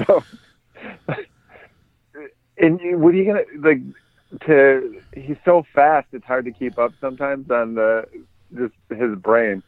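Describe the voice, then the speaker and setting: A man's voice: medium pitch, takes it slowly, pauses often, dry recording. A man guest telling laid-back stories on a podcast, hesitant with many fillers, heard over a phone-like line. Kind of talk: casual storytelling.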